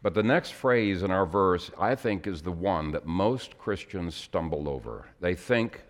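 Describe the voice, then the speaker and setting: Earnest low-voiced male preacher. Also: expressive, normal speed, few pauses. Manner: earnest, emotional when reading the poem; clears throat, fillers between phrases. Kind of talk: sermon.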